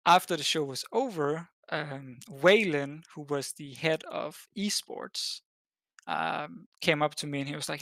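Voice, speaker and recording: Telling a long, rambling story as a guest on a podcast, a man from Denmark who works as an esports caster keeps using fillers and restarting. He speaks at a measured pace in a fairly high, sharp-toned voice, with no echo.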